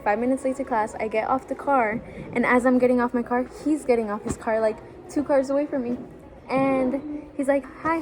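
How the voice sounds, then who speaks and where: Young woman co-hosting a vlog, animated storyteller, fairly high voice with crowd noise behind. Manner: chatty, lots of "like", acts out quotes. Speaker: vlog co-host. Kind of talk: casual storytelling chat.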